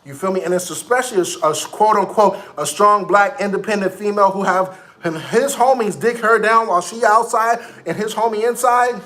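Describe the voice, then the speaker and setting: A man in his thirties telling casual stories, animated, acting out other people's lines. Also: high-pitched, a little fast, few pauses, echoey room. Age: 30s. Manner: animated, quoting people in raised voices. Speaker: vlogger. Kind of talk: casual storytelling.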